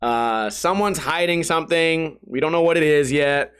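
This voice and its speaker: Animated rambling man, higher voice. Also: moderate pace, clean tone. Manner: rambling, animated, laughs through stories, swears casually. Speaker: podcast host. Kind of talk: casual solo podcast storytelling.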